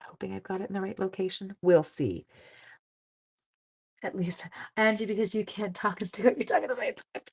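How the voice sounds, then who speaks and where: A middle-aged woman hosting a crafting livestream, chatting casually and self-deprecatingly, often dropping to quiet mutters as she works. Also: medium pitch, fairly even intonation, fairly quick, vocal fry, long pauses, husky.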